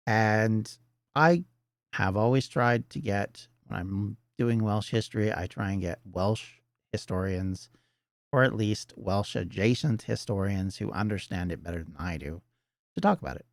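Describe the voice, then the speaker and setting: A man's voice: fairly low pitch, expressive, moderate pace, no room sound, studio quality. A middle-aged Canadian man hosting a podcast, talking earnestly in a rambling solo monologue full of restarts. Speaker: podcast host.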